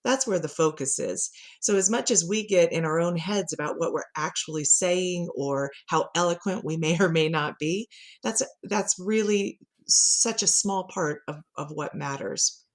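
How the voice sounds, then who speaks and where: A middle-aged woman, a communication coach, chatting as a podcast guest and telling animated stories with frequent laughter. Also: on the low side, moderate pace. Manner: lively storyteller who laughs often and acts out quotes. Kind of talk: conversational podcast interview.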